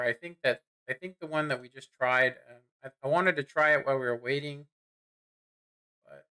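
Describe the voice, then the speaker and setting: A bright, slightly high-voiced man chats loosely through a live game stream at his home setup. He rambles, clears his throat now and then, and talks straight into a desk microphone. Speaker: gaming streamer. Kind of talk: casual live-stream commentary.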